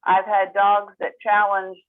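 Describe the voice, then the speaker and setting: A woman moderating a casual Zoom Q&A, explaining in a relaxed, friendly way. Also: medium pitch, measured pace, no room sound. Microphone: video call. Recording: tinny phone-line audio.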